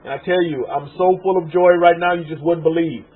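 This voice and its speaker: A tearful man from Texas preaches in a fervent rush, jumping from loud cries to soft murmurs. His voice sits high and husky. The sound is thin and tinny, like a phone line. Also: fairly even intonation, fairly quick. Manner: fervent, swings from loud exclaiming to hushed murmuring. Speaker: rabbi. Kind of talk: emotional sermon to an online congregation.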